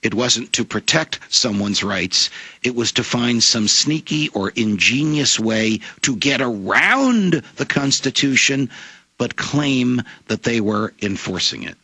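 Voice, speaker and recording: A man's voice: medium pitch, lively intonation, takes it slowly, pushed and bright, husky, dry recording, rough recording. A middle-aged man, a former judge and author, arguing emphatically as a radio guest with an oratorical, lawyerly cadence. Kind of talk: impassioned talk radio argument.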